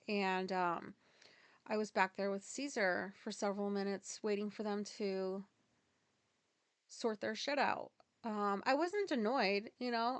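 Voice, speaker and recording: A woman's voice: medium pitch, clean tone, no echo. A woman telling a personal story in a casual, rambling, candid way, swearing freely and using many fillers. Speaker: podcast host.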